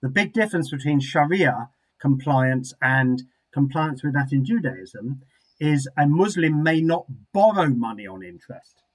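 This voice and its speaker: A man leading an online study session, talking in a quick, chatty and encouraging way over a video call. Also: a little high, lively intonation, poor audio. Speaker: synagogue study session leader. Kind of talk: online group discussion leading.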